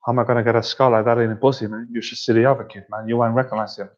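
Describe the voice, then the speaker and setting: A man's voice: mid-range voice, brisk, dark tone, close to an everyday voice. A man doing a swaggering movie gangster. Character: gruff tough-talking male gangster from a film. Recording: dull lo-fi recording.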